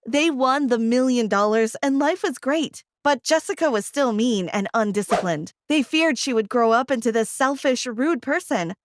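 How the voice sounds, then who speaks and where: A woman narrating a first-person animated story in a dramatic, emphatic scripted style. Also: fairly high pitch, dry recording, clean studio sound.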